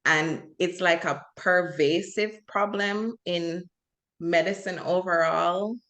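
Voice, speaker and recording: A woman's voice: lowish voice, takes it slowly, a bit bright. Young woman co-host, earnest and impassioned, casual talk. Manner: earnest, impassioned, many fillers. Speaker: podcast co-host. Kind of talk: casual chat.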